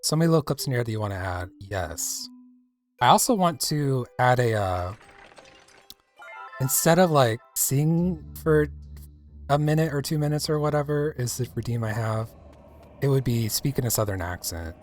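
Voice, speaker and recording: A man's voice: medium pitch, expressive, normal speed, faint music behind. A man from the American South, chatting casually with his chat while livestreaming a game. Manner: chatty, rambling, playful.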